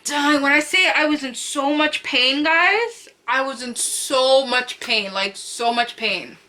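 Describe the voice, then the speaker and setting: Young woman vlogger, bright voice, lively slangy storytime delivery, home camera setup. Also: high-pitched, takes it slowly, slight background noise. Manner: animated, chatty, slangy, repeats phrases for emphasis; acts out quotes with loud cries. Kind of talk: storytime vlog.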